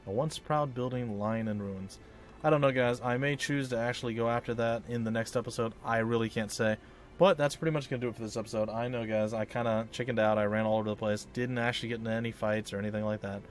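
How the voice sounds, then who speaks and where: A man giving casual, rambling, self-mocking commentary while playing a video game at home. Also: mid-range voice. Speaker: let's play host.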